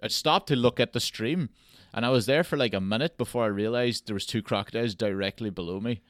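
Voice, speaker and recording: A man in the middle of his range, chatting casually as a podcast host. He tells stories in an animated way and swears freely. The sound is dry and close, with no room around it. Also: mid-range voice, fast, dry recording. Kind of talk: casual chat.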